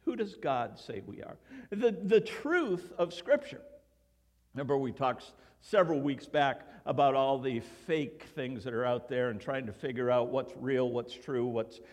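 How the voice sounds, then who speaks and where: Animated older pastor in a reverberant hall. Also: male voice, medium pitch, normal speed. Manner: storytelling, animated, acts out quoted voices. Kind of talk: sermon. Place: church sanctuary.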